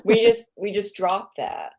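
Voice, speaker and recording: A woman's voice: mid-range voice, a little slow, a little mellow. An American woman hosting a podcast, chatting casually in a rambling, self-correcting way. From United States. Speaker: podcast host. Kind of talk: casual interview chat.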